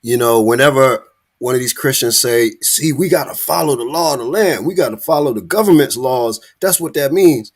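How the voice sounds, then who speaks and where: Excitable man hosting a casual podcast. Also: mid-range voice, normal speed, husky. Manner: excited, laughing, repeats "hey" and "look". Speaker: podcast host. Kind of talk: casual commentary over a video.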